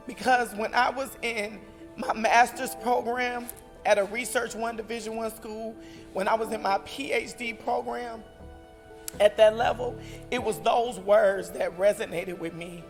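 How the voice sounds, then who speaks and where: A woman in her forties giving a heartfelt personal testimony as a former student, halting with fillers and growing emotional. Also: on the high side. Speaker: alumna speaker. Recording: reverberant hall, music underneath.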